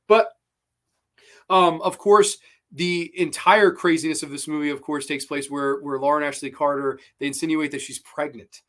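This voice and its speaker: Excitable swearing man reviewing films. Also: fairly high pitch, normal speed. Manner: excitable, swears freely, lots of fillers and repeats. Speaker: horror movie reviewer and show host. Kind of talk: casual spoken film review.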